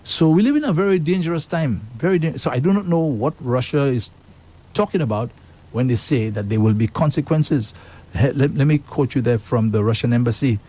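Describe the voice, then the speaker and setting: A man's voice: medium pitch, brisk, mellow. A man hosting a talk radio show, speaking, emphatic and indignant as he reads out and comments on news.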